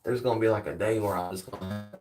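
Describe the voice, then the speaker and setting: A fast-talking man on the low side, with fairly even intonation and a slightly mellow quality, chats with viewers while faint music plays behind him. He's an American streamer with a Southern accent, laid-back, slangy, and tired after working out, sitting far from the mic.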